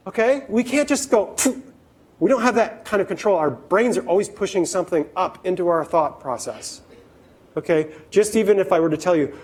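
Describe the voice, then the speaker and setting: A man with a notably high voice gives a keynote talk to a workplace audience. He addresses the listeners directly and slips into little acted-out voices when he quotes people. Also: a little fast, poor audio. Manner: lively, acts out quoted voices, talks straight to the audience. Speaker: keynote speaker.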